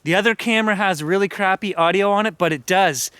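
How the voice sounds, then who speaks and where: A Canadian man running a live spirit box session outdoors in cold woods, excitedly talking to spirits and viewers. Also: high-pitched, clean tone, dry recording. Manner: excited, talks to spirits and viewers, quick chuckles. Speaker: paranormal vlogger.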